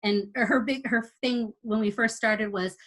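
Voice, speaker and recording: A woman telling a lively, casual story about competing for the first time as an amateur athlete. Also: fairly high pitch, measured pace. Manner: chatty, animated retelling with quoted dialogue.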